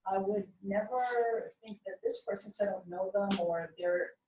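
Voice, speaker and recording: A woman's voice: mid-range voice, measured pace, mellow, highs cut off, a little hiss or hum. A woman in a spiritual discussion group, earnestly asking questions and sharing from the heart. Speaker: group participant. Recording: echoey room, distant mic.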